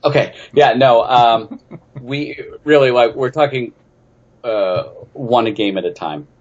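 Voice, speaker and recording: A man's voice: medium pitch, slow pace, highs cut off, a little hiss or hum. A man from New England, a game designer, answering interview questions in a chatty, snarky, self-deprecating way.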